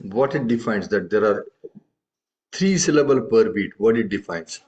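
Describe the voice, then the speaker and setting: A man's voice: lowish voice, animated, moderate pace, a little mellow. A man teaching a tabla lesson, explaining patiently and often checking in with questions. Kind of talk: live music lesson. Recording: dull lo-fi audio.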